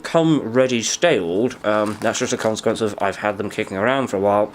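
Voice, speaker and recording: A man's voice: lowish voice, fairly quick, hardly any pauses, a little hiss or hum. A young man giving a casual, dry-humoured food review, often talking while chewing. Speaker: food vlogger.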